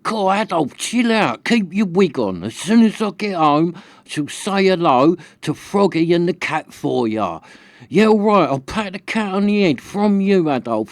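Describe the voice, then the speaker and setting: Jokey man, fairly high voice. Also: dry recording. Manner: jokey, teasing mock phone-call banter. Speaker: camping vlogger. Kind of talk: casual vlog chat. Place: outdoors at a military show. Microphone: handheld camera.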